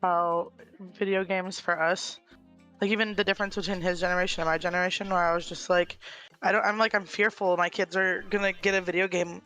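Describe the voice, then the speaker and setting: Man, high and bright voice, earnest and thoughtful, soft music under. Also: little pitch movement, brisk, poor audio. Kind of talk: casual chat.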